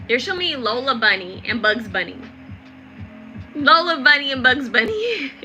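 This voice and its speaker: A woman's voice: fairly high pitch, rough recording. A young adult woman giving a chatty, rambling live tarot reading with lots of fillers. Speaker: tarot reader.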